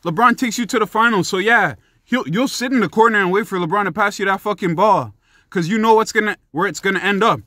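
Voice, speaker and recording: A young man rants about sports in a heated, swearing vlog voice. His voice sits high and sounds bright and forceful. The recording is dry and close. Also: fast talker, no room sound. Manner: profane, heated and emphatic. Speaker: sports commentary vlogger. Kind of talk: ranting sports commentary.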